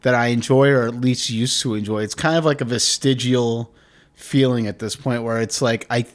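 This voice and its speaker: A man's voice: mid-range voice, normal speed. A man hosting a solo comedy podcast, rambling and swearing, drifting nearer and farther from the mic. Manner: profane, rambling, animated; moves closer to and away from the mic. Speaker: podcast host.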